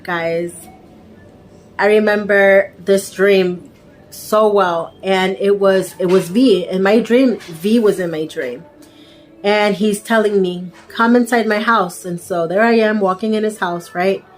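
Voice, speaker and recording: A young woman telling a personal faith testimony in a casual, storytelling way, tossing in frequent "right?" asides and fillers. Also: mid-range voice. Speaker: vlogger sharing a faith testimony.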